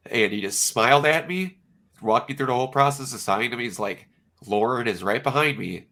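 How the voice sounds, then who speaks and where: A man on a podcast recounts a memory in loose, conversational chat. His voice has a bright, forward edge, and he tells it with emotional, animated energy. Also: mid-range voice, brisk. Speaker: podcast co-host. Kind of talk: casual chat.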